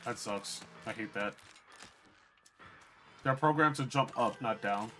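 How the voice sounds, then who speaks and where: A man's voice: fairly low pitch, takes it slowly, a bit bright. A man streaming a game, chatting casually and profanely to his viewers. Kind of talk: casual gameplay commentary.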